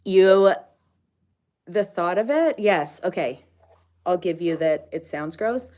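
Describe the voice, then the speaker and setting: A woman's voice: fairly low pitch, lively intonation, slow pace, dark tone. A woman hosting a casual farm livestream, chatting with viewers and coaxing her animals in a sing-song.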